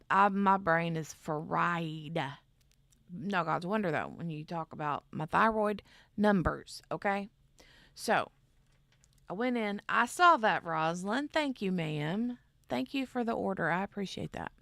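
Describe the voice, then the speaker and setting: A woman's voice: lowish voice, expressive, measured pace, gravelly, sharp tone, no echo, studio quality. A woman hosting a casual craft livestream, chatting in a rambling way and reading out viewer comments. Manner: rambling, chatty, reads chat aloud. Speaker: craft channel host.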